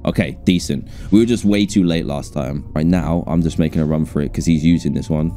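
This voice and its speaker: A man giving live gameplay commentary as a gaming streamer, excitable and jumpy, with frequent laughter. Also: rumbling low, brisk, soft background music.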